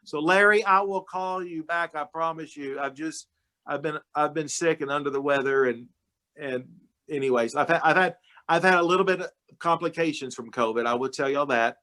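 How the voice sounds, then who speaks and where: A man's voice: on the high side, normal speed, bright, forceful tone. A man, a county judge, speaking to a club meeting over a video call in a folksy, emotional storytelling way. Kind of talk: informal talk to a club meeting.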